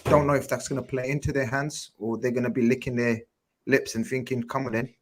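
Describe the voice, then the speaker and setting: A man co-hosting a football podcast, laying out his view in a measured way and pushing back with teasing retorts. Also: mid-range voice, fairly even intonation, a little hiss or hum. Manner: measured explaining, then teasing pushback. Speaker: podcast co-host. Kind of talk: casual football chat.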